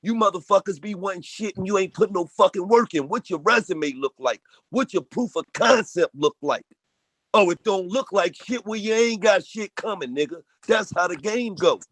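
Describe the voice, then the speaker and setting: A man's voice: high voice, expressive, moderate pace, fairly bright tone, no room sound. A man on a phone call giving a blunt, profane motivational rant in a preachy manner. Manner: preachy, blunt, heavy swearing. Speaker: speaker in a group audio call. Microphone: phone on an audio call.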